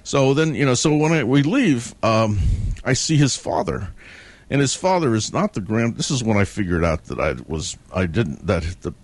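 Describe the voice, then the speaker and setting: A man's voice: deep voice, darkish tone. A man telling the story of a dream in a casual monologue, meandering and reflective as he retells it.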